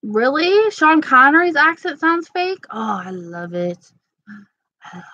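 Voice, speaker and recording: A woman's voice: high-pitched, big pitch swings, measured pace, sharp tone, no room sound. Chatty woman with lo-fi dry sound. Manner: chatty, gossipy and playful, laughing often. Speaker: vlogger chatting with viewers. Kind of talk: casual chat reading live comments.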